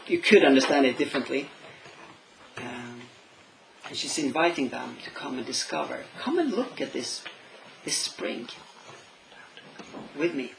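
A man's voice: mid-range voice, vocal fry, noisy background. A man preaching a sermon in English, which is not his first language, thoughtful and stopping to search for words. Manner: thoughtful, searching for words, asks questions aloud.

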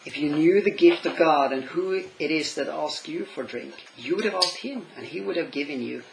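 A man with a slightly high, gravelly voice preaches a sermon in English, which is not his first language. He talks thoughtfully, stops to search for words and asks his listeners questions. A faint room ambience sits behind him. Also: moderate pace, a little hiss or hum, rough recording.

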